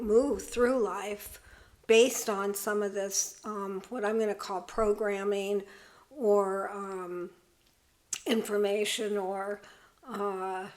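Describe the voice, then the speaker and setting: A woman telling a reflective personal story to her viewers in an earnest, thoughtful way, pausing often with fillers and restarts. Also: mid-range voice, darkish tone. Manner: halting, many fillers and restarts. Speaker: video host sharing personal story.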